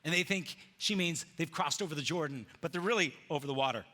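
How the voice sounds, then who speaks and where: A pastor with a bright, forceful voice, sitting a little above the usual male range. He preaches in a lively, casual storytelling style, jumping into the characters' voices and dropping modern slang as he goes. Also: on the high side, fast. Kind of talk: sermon. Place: church sanctuary with slides.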